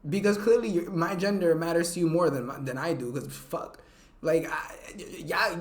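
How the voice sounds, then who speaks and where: A woman hosting her own podcast in a casual, profane, blunt monologue, dropping Spanish phrases between English lines. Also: mid-range voice. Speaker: podcast host. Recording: roomy echoey room.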